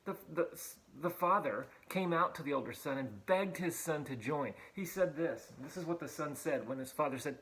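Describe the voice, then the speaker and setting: A man's voice: on the high side, moderate pace, fairly bright tone, poor audio. A man, a pastor, giving a children's Bible lesson on video, upbeat and playful, with frequent fillers and emphatic repetition.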